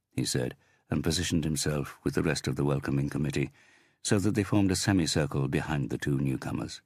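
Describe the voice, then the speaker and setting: Very deep, gravelly male narrator. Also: a little fast, no room sound, clean studio sound. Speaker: audiobook narrator. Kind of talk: scripted audiobook narration.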